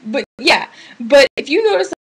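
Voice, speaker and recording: A woman's voice: high-pitched, very animated, moderate pace, a bit bright, poor audio. Chatty young woman rambling on webcam. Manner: rambling, chatty, restarts often, frank. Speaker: vlogger giving relationship advice. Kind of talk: casual webcam advice talk.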